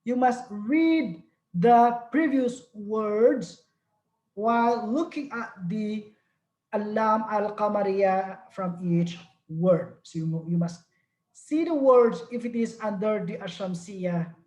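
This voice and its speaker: A woman teaching an online language lesson. She explains slowly and repeats each word so it can be drilled. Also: medium pitch, a little mellow, echoey room. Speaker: Arabic teacher.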